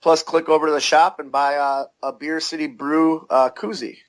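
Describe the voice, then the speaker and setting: A man's voice: on the high side, level tone, normal speed. A man, a wrestler guest, answering interview questions casually with lots of fillers.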